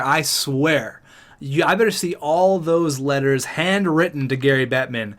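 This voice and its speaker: A man's voice: a little high, moderate pace. Upbeat man narrating a hockey video game. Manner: upbeat, excitable, chatty. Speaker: gaming YouTuber. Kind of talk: casual video game commentary.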